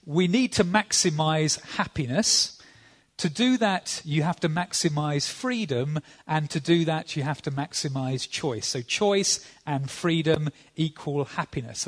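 A man, a visiting preacher giving a sermon in a conversational, dry-humored way with frequent fillers. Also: on the high side.

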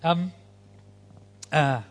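A man's voice: fairly high pitch, extremely slow. A man, a visiting preacher giving a sermon in a conversational, dry-humored way with frequent fillers.

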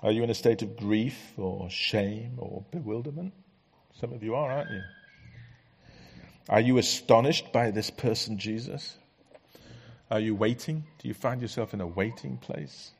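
A man preaching a sermon in a church, earnest and conversational, letting many lines drop soft. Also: on the low side, normal speed, gravelly, breathy edge.

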